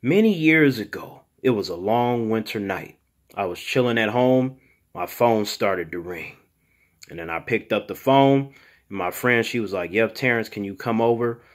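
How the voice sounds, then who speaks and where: A man voices a swaggering, foul-mouthed mutant monster who hosts his own channel and addresses everyone as "human". He boasts, swears freely and refers to himself in the third person. His voice sits a little low. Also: lightly acted. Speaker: channel host. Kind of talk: comedic storytelling monologue.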